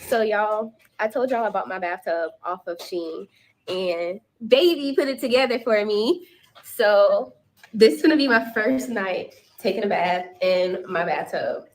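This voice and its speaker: A woman vlogging casually about her purchases at home, saying y'all and sounding relaxed. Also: mid-range voice, measured pace, rough recording. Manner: relaxed, says y'all, excited. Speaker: vlogger, teacher.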